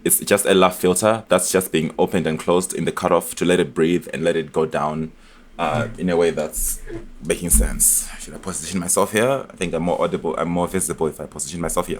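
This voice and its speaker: A man explaining his music production in a casual tutorial, chatty and relaxed, with frequent fillers and restarts. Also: deep voice, a little fast, slight background noise. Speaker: music producer demonstrating a beat remake. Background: beat elements playing from the project.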